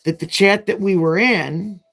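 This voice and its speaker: A woman's voice: medium pitch, a little slow, creaky, fairly bright tone. A woman chatting casually as a nail vlogger while she does her nails, telling a long, frank, rambling story.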